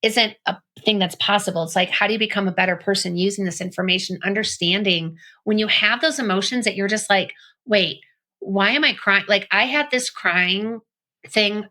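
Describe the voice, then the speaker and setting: Bright-voiced woman host, rambling. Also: mid-range voice. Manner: rambling, reflective, many fillers. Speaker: podcast host. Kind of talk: casual conversation.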